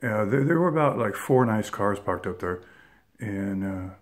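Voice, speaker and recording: A man's voice: on the low side, lively intonation, unhurried. Rambling middle-aged man telling a story. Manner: rambling, lots of fillers and restarts. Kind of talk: casual anecdote.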